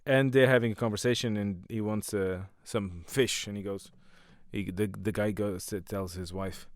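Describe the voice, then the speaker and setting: A man's voice: on the low side, steady tone, normal speed, no echo, clean studio sound. A man, a stand-up comedian and podcast host, talking in a rambling casual monologue full of swearing and self-mocking jokes.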